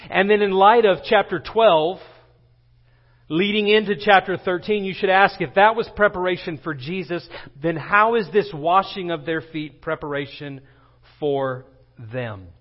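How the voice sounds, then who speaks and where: Higher-pitched preaching man on lo-fi audio. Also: a little slow. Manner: preaches with rising intensity, dramatizing quoted lines. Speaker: pastor. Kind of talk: sermon. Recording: dull lo-fi recording.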